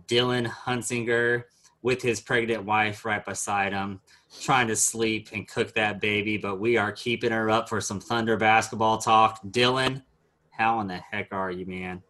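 A man's voice: on the low side, steady tone, moderate pace, bright, forceful tone. Joking male sports podcast host. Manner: loose, joking, lots of "um" fillers. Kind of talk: casual sports chat.

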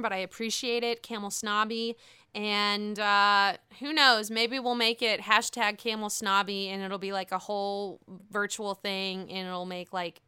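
A woman's voice: mid-range voice, sharp tone, clear, resonant tone, no room sound. A woman giving casual, gossipy commentary on a reality show, laughing often and swearing freely. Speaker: reality TV recap vlogger.

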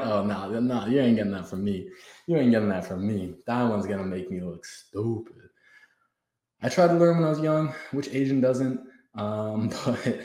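Chatting live from his room, a twenty-something man hosts a fan stream, excitable and full of slang, laughing as he goes. His somewhat low voice has a slightly mellow tone. Sound comes from a camera placed on the floor, giving a roomy echo.

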